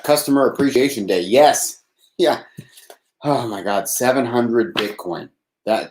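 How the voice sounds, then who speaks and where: A man from Texas talks loosely through a live nightly show, rambling and breaking into laughter. His pitch leaps up and down a lot. The room around him has a noticeable echo. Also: darkish tone, a little hiss or hum. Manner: rambling, laughs often, swears. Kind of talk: casual live-stream monologue.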